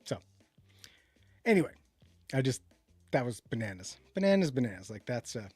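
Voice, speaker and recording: A man's voice: mid-range voice, very animated, normal speed, a little mellow, husky, no room sound, faint music behind. A man co-hosting a casual livestream tech chat, rambling and correcting himself as he reads viewer comments. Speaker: podcast co-host.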